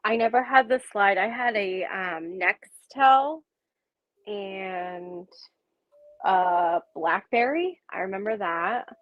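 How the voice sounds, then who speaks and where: A woman's voice: mid-range voice, slow, no room sound. A woman chatting casually as a panel guest, giggly and talkative. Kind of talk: casual nostalgic chat. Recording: slightly dull lo-fi sound.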